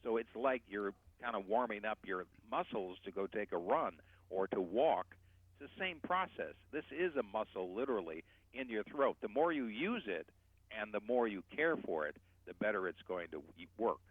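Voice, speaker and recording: A man's voice: fairly low pitch, animated, moderate pace, dry recording. A male voice coach on a radio talk show, explaining and demonstrating how people speak. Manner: explanatory, demonstrates speech patterns. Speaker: voice coach guest. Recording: tinny phone line.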